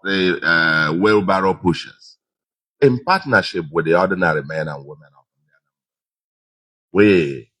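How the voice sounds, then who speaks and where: A man's voice: low voice, fairly bright tone. A man with a Nigerian accent giving an emphatic victory speech to supporters, repeating his key phrases. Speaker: politician.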